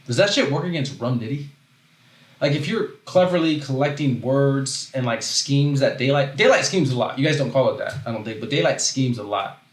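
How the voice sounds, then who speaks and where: A man hosting a casual livestream, talking in loose rambling runs that keep breaking off and restarting, then stopping to read chat out loud. His voice sits at an ordinary middle pitch. The sound has a roomy echo around it. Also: normal speed. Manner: rambling, self-interrupting, animated, reads chat aloud. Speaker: host.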